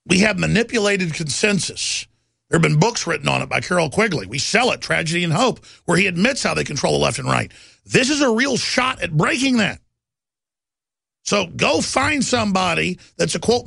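Gravelly bright-voiced radio talk host. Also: male voice, no echo, clean studio sound. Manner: impassioned, rambling, swings between loud and low. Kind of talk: fiery talk radio monologue.

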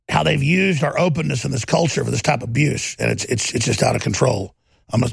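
A talk show host rants through a combative, sarcastic monologue. His voice is heavily gravelly and husky, with a slightly raised pitch. The sound is dry and close. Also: fairly bright tone, no room sound. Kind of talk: political commentary monologue.

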